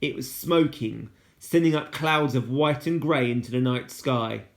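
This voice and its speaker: A man reading a children's novel aloud as a teacher, steady and unhurried, with casual asides when he slips. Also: mid-range voice, creaky. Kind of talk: storybook read-aloud.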